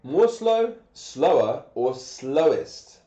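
A man's voice: a little high, sing-song, extremely slow, mellow. A man, sick and coughing, teaching grammar on a live stream with patient step-by-step questions. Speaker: English teacher. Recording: echoey, dull lo-fi room sound.

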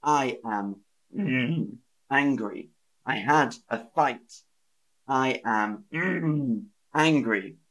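A man teaching English on a live stream, repeating words slowly and acting out feelings with sighs and gasps for learners. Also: mid-range voice, a bit bright. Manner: slow, exaggerated, repeats words and sentences for learners.

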